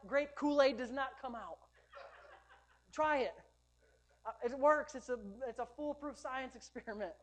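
A woman's voice: high-pitched, moderate pace. A woman pastor preaching a sermon, rhythmic and emphatic, with lighthearted asides to the congregation.

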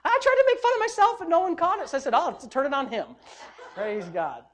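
Middle-aged male pastor, lively joking sermon delivery. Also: extremely high pitch, quick pace. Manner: animated, joking, preacherly exclamations.

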